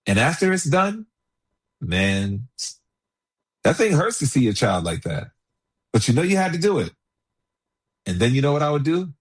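Husky-voiced man preaching earnestly. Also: medium pitch. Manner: earnest preaching, reads aloud then speaks freely with many "you know"s. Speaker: pastor. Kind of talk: sermon.

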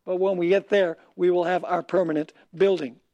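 A man preaching a sermon, reading scripture slowly and asking his listeners questions, pausing for them to fill in the answers. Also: high voice, fairly even intonation, dark tone, dull audio. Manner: asks the audience questions and pauses for them to answer.

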